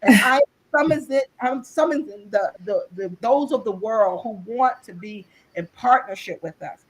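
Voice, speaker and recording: A woman's voice: a little high, normal speed, breathy edge, rough recording. An earnest, faith-driven woman on a video call. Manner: earnest, faith-driven, often restarts and repeats words. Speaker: guest author and business executive. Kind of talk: impassioned interview talk.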